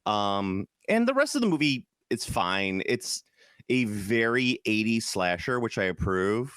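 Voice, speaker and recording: A man's voice: fairly low pitch, sing-song, a little slow, a bit bright, clean tone, dry recording, clean studio sound. A man from Chicago co-hosting a podcast, chatting casually in a rambling, enthusiastic way, often trailing off and restarting. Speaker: podcast co-host. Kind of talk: casual chat.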